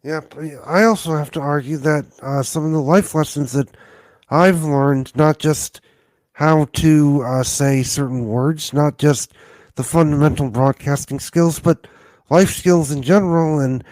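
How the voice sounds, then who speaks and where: A man hosting a podcast interview, talking in a halting way with many pauses and restarts. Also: a little high, darkish tone, no room sound. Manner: halting, many fillers and restarts while asking. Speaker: podcast host.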